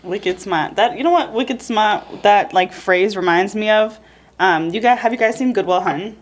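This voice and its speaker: A woman's voice: mid-range voice, fairly quick. A young woman co-hosting a casual podcast, chatty and full of fillers. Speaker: podcast co-host. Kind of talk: casual chat.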